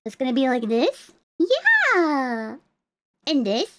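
A woman's voice: high voice, wildly swooping pitch, takes it slowly, very noisy. A woman VTuber streamer showing off her outfit in a cutesy, playful, exclamatory way. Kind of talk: casual live-stream outfit showcase.

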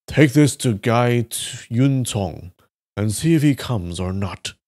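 A man's voice: medium pitch, expressive, slow pace, darkish tone. A man voicing a bold, arrogant young nobleman in a live story reading, cool and confident.

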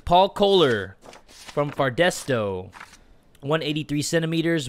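A man giving excitable let's play commentary on a video game, with profane, loud outbursts. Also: fairly high pitch, measured pace, a little hiss or hum. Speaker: gaming video host.

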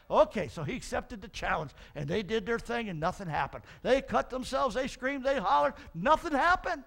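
A middle-aged male pastor preaches a sermon, animatedly telling Bible stories, acting out the figures and building up to shouts. His voice is very high and creaky, at a moderate pace with hardly any pauses.

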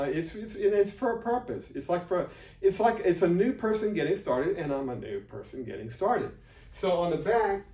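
A fairly high-voiced man talks off the cuff in an unscripted marketing vlog. He rambles, restarts his sentences and turns blunt when he gives his pep talk. The mic sits back from him in a roomy space. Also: far from the mic. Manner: rambling, full of fillers and restarts. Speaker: affiliate marketer.

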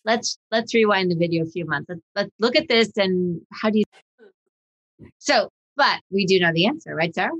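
A woman hosting a dog-training podcast in casual chat, animated and acting out voices of dogs and owners. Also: mid-range voice, moderate pace, highs cut off.

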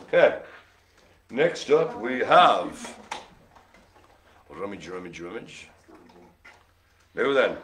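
A man's voice: lowish voice, big pitch swings, drawn-out words, pauses often, fairly bright tone. A man hosting a live online bingo show, cracking puns and making silly noises between calls. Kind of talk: jokey live bingo calling.

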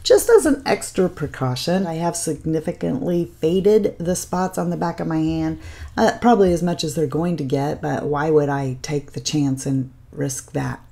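A woman's voice: deep voice, normal speed, vocal fry, warm tone. A middle-aged woman beauty vlogger chatting casually through a makeup routine, homey and upbeat with a faith-tinged sign-off. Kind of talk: casual get-ready-with-me chat.

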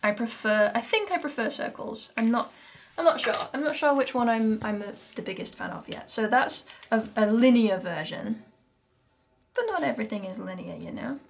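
A British woman teaching handpan rhythms, chatty and explanatory, who counts the beats out loud. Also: fairly high pitch, lively intonation, moderate pace, vocal fry, a little hiss or hum. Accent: British English. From Britain. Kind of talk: music lesson. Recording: music playing in background. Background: handpan music.

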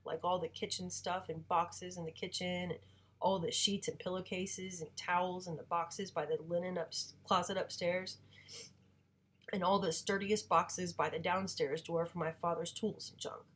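A woman teacher reading a novel aloud to her students, giving the father's lines a louder voice and the mother's a quieter one. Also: fairly low pitch, flat delivery, moderate pace. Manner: reads dialogue with raised voice for the father, quieter for the mother. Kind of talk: read-aloud storytelling.

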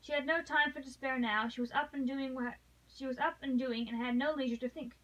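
A woman narrating a classic novel in a steady read-along, with small slips she corrects as she goes. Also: sits high, fairly quick, lo-fi sound. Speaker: audiobook reader.

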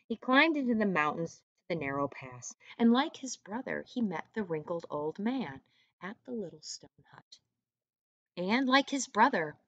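A woman teacher reads a story aloud to first graders, expressive and dropping to whispers, pausing to ask the children questions. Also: on the low side, dry recording.

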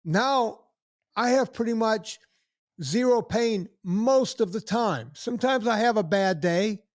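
A man's voice: high-pitched, slow, no room sound, studio quality. A man in his sixties hosting a podcast, rambling in casual chat with many restarts and acted-out quotes. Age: 60s. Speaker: podcast host.

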